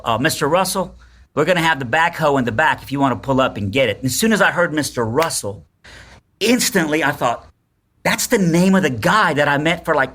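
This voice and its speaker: A man in his forties telling a personal story on a podcast, acting out the voices of the people in it. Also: on the high side. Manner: animated storyteller, acts out quotes. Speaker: podcast guest. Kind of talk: storytelling in casual chat.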